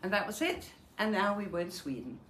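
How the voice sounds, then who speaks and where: Her mid-range voice is animated, fairly bright, and a little fast. She is an older Danish woman and Holocaust survivor giving a personal memoir talk, narrating her wartime memories vividly and acting out what people said. Echo and faint noise come through in the recording.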